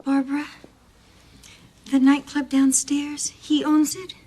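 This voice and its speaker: A nervous, high-voiced society wife in a film comedy, hesitant and fumbling. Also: female voice, flat delivery, slow pace, warm tone. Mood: flustered. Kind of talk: 1990s film comedy acting.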